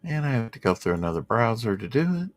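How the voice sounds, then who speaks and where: A man's voice: mid-range voice, very animated, fast, no echo. A man hosting a casual livestream show, rambling about comics and reading viewer comments aloud from home. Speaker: podcast host.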